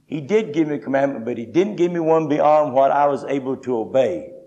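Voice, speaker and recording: A man's voice: mid-range voice, lively intonation, a little fast, warm tone, lo-fi sound. An older man preaching a sermon, telling his own story in a folksy, humorous way. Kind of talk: sermon teaching with personal testimony.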